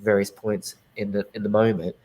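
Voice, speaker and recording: A man's voice: fairly low pitch, little pitch movement, normal speed, dark tone, low-quality recording. A man, a guest psychic medium, telling his story in a casual interview, earnest and rambling with many restarts.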